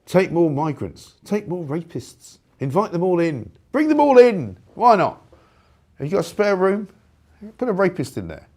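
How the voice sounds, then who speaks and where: A man hosting a live talk show, delivering a sarcastic, indignant opinion rant with loud outbursts. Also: fairly high pitch, very animated, moderate pace.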